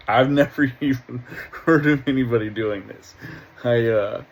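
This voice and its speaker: Gravelly, husky man rambling with laughter. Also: mid-range voice, slow pace, highs cut off. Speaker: reaction video host. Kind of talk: casual reaction commentary.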